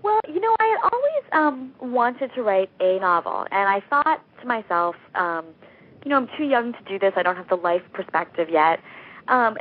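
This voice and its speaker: A woman's voice: fairly high pitch, very animated, normal speed. A young American woman, a novelist being interviewed, chatting freely with frequent laughs and fillers. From United States. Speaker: novelist guest. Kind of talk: interview over a phone line. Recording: tinny phone line.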